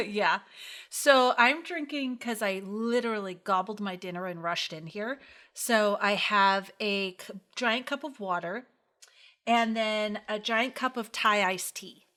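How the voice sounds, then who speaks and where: A woman's voice: mid-range voice, measured pace, sharp tone. A woman co-hosting a podcast, rambling casually with lots of fillers and giggles. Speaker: podcast co-host. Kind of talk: casual chat.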